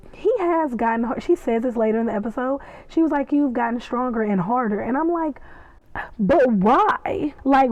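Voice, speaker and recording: A woman giving a casual, excitable recap and reaction, chatty and acting out the scenes as she tells them. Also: a little high, no room sound, muffled recording. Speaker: podcast reviewer.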